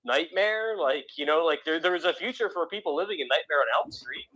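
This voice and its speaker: A man's voice: fairly high pitch, lively intonation, brisk, crowd noise, poor audio. A man co-hosting a casual radio podcast, rambling gloomily with many restarts and fillers, with a faint East Coast accent. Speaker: podcast co-host. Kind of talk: casual chat.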